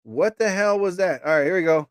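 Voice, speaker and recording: A man's voice: sits high, brisk, clear, resonant tone, dry recording. A man hosting a casual live stream, rambling and joking as he talks to his viewers.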